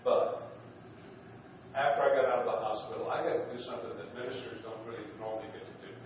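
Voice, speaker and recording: A middle-aged male minister spins a personal story with easygoing humor, circling back and restarting his sentences as he goes. His voice sits at an ordinary pitch and rings through a very reverberant sanctuary. It comes from a distance and has clear background noise beneath it. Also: steady tone, quick pace, muffled recording. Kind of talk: storytelling sermon. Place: church sanctuary. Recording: very echoey hall, distant, noisy.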